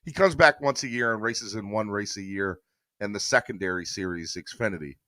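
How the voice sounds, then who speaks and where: A man chats loosely through sports news on a live podcast stream, stopping often to read viewer comments. His voice is bright and forceful. The sound is dry and close, with no room echo. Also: on the low side, normal speed. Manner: chatty, rambling, reads viewer comments aloud. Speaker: podcast host.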